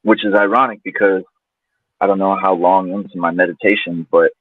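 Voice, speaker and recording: A man's voice: sits low, fairly even intonation, brisk, slightly rough, no echo. A man guest telling a personal story in a loose, casual way, full of fillers. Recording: tinny phone-like line, dry.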